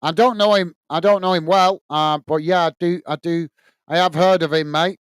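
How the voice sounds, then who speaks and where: Brief: middle-aged Northern English man, watch-along host, fairly high smooth voice, blunt and chatty, dry close sound. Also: fairly even intonation, moderate pace, dry recording. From north of England. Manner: chatty, blunt, laughs easily, says mate a lot. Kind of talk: match commentary and reading out viewer chat.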